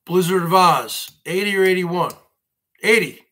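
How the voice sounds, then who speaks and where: Slow, bright-voiced ranting man. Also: sits high, animated. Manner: ranting, repetitive, keeps addressing viewers as folks. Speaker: livestream host. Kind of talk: rambling livestream monologue.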